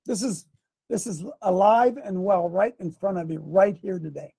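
Fiery high-voiced preacher man. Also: moderate pace, gravelly, breathy edge. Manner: shouting, emphatic, sarcastic asides. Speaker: pastor. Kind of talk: fiery sermon.

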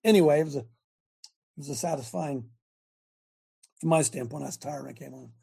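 Older man with a gravelly, dark voice. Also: medium pitch, normal speed. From United States. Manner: preachy, emphatic, repeats words and restarts. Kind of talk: opinionated Christian talk.

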